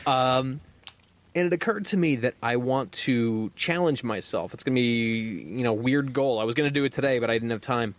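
A man co-hosting a podcast in casual chat, animated and swearing freely. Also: medium pitch, normal speed. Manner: animated, swears a lot, laughs loudly. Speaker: podcast co-host.

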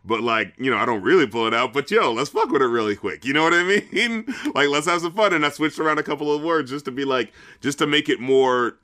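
A man's voice: medium pitch, animated, brisk, hardly any pauses, bright, forceful tone. A man with a Southern US accent hosting a podcast, chatting casually and rambling with lots of fillers. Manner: rambling, heavy on fillers like "you know what I mean". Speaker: podcast host.

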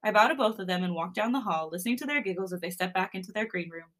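A woman's voice: mid-range voice, lively intonation, racing, a bit bright. A woman podcast co-host reading fan fiction aloud, often laughing and breaking off to chat.

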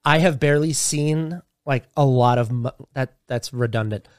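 A man's voice: mid-range voice, normal speed, clean tone, dry recording. A man co-hosting a casual comedy podcast, who talks playfully and swears casually. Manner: playful, swears casually, does goofy voices. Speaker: podcast co-host. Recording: dry close-miked sound.

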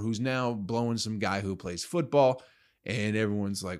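A young man hosting a solo podcast, ranting crudely and sarcastically with profanity and sudden loud outbursts. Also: on the low side, moderate pace. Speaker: podcast host.

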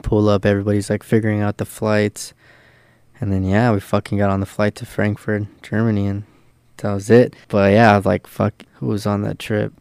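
A man's voice: fairly low pitch, monotone, moderate pace, darkish tone, clear, resonant tone, no room sound. A young man telling a long, loose road-trip story in casual chat, swearing freely and filling his talk with "like". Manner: loose and profane, full of fillers.

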